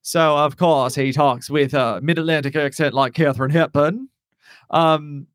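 A man's voice: on the high side, a little slow, dry recording, studio quality. A man hosting a podcast, chatting casually about tabletop role-playing characters with lots of fillers and laughter. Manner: animated, laughs often, many fillers. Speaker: podcast host.

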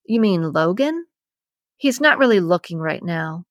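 A woman's voice: on the low side, very animated, unhurried, no echo, studio quality. A woman reading a wry, sensible young waitress.

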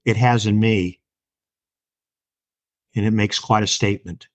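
A man's voice: lowish voice, steady tone, unhurried, no echo. A man reading a story aloud and then teaching a Bible lesson in an earnest, plain-spoken way.

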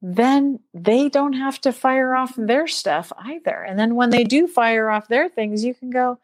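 A woman speaks as an interview guest in a fairly high voice. She chats animatedly and slips into quoted inner thoughts, with a light laugh here and there. The sound is close and dry, with no room around it. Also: unhurried, few pauses, no room sound. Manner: animated, acts out her own inner voice in quotes; laughs lightly mid-sentence. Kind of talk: casual interview chat.

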